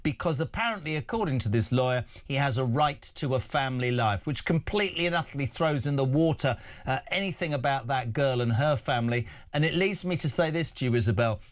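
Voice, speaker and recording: A man's voice: mid-range voice, animated, fairly quick, few pauses. A man hosting a talk radio breakfast show, ranting in an indignant, emphatic way.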